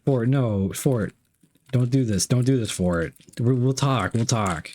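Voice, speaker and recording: A man's voice: medium pitch, unhurried, a little mellow. A young man streaming live, reading chat messages aloud and unboxing gifts, playful and repeating himself.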